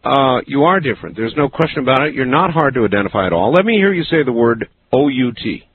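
A man's voice: medium pitch, lively intonation. Male call-in radio host, phone-thin. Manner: slow, musing, conversational. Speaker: radio talk show host. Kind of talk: late-night call-in radio talk. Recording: lo-fi radio broadcast with faint hiss.

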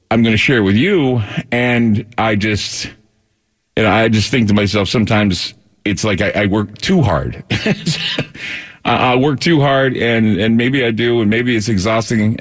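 Man, radio talk host, low voice, tired, rambling, repeats himself. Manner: repeats words and restarts often. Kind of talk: rambling talk show monologue.

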